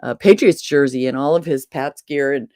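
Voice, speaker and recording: A woman's voice: very deep voice, normal speed, no echo, clean studio sound. A middle-aged woman from New England hosting a casual video-call chat, telling stories animatedly and laughing often. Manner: chatty, animated storyteller who laughs often.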